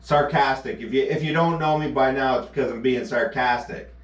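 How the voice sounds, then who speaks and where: A man's voice: mid-range voice, a little fast. Guy swearing nonstop, sarcastic rant on a live stream, echoey and far off the mic. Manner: profane, sarcastic, scornful. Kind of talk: angry rant reacting to a news clip. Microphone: action camera mic.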